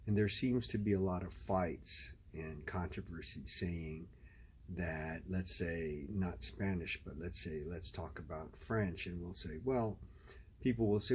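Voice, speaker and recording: Low-voiced man explaining calmly. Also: slight background noise. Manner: measured, explanatory, switches between English and Spanish. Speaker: language video host. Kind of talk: casual spoken commentary.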